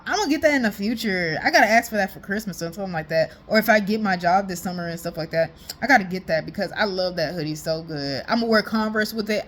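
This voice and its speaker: A woman chatting casually as if on a call with a friend, excited and slangy, rambling and laughing often. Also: a little high. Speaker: vlogger.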